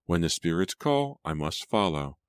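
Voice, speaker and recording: Man doing a woman mystic, dreamy and insistent, raised pitch, dry close recording, audiobook reading. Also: very animated, normal speed, clear, resonant tone, no echo. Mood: otherworldly. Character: woman mystic, entranced, proud spirit-follower.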